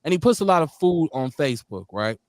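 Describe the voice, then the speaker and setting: A man's voice: on the high side, fairly quick, dry recording. Milwaukee guy hosting talk radio, tells stories, does the voices, dry close sound. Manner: storytelling, animated, acts out the people in his stories. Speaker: radio show host. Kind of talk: casual chat.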